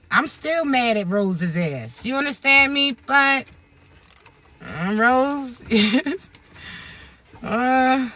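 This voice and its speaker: A woman vlogger giving blunt, profane spiritual advice in a joking, streetwise way, with low "mm-mm" asides. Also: a bit bright, no echo. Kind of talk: casual spiritual advice rant.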